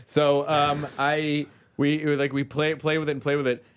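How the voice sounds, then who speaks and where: A man's voice: fairly high pitch, level tone, moderate pace, slight background noise. A man hosting a podcast, joking and self-deprecating in casual comedic chat. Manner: jokey, self-deprecating, plays sound effects. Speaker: podcast host.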